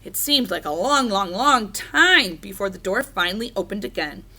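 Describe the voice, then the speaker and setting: Bright, lively woman reading a storybook. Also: mid-range voice, moderate pace. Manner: animated, doing character voices. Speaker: reader. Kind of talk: storybook read-aloud.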